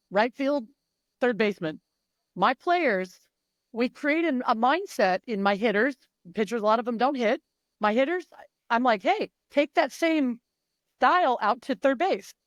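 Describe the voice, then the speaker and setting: A woman's voice: on the high side, no room sound, muffled recording. Emphatic, blunt-talking woman coach. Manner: emphatic, blunt, swears freely. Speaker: mental performance coach. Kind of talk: casual interview talk.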